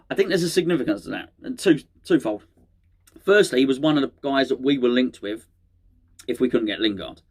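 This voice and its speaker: A middle-aged man, hosting a fan channel in rambling, chatty solo talk that often corrects itself mid-sentence. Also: medium pitch. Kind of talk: casual solo fan chat to camera.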